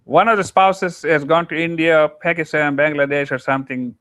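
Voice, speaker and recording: A man's voice: fairly high pitch, steady tone, moderate pace, a bit bright, clear, resonant tone, no room sound. A man hosting a talk show interview, asking questions casually with frequent laughs and fillers. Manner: laughs often, many fillers and restarts.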